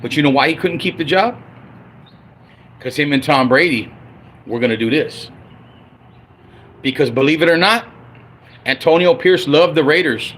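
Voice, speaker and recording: A man ranting on a livestream about his football team, profane and heated, swinging between loud outbursts and low grumbling. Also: moderate pace, long pauses. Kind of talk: angry unscripted livestream rant.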